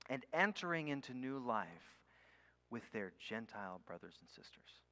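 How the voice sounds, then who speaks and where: A man preaching a sermon. He leans hard on key words, slows right down on them, and sometimes drops almost to a whisper. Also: fairly low pitch, animated, sharp tone. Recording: long hall reverb.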